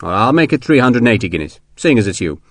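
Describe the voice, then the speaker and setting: A man voicing an eager, headstrong British general who speaks briskly and commandingly. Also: mid-range voice, sing-song, dry recording. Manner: brisk, commanding, quick to laugh.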